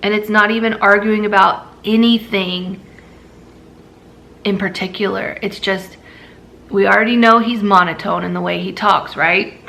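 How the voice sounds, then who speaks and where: A drained woman talks straight to her viewers in a personal vlog. Her voice is gravelly and full of fry, and it sits at a middle pitch. She sounds worn out and vents without polish. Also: steady tone, measured pace, sharp tone. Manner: weary, drained venting. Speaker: mother vlogger.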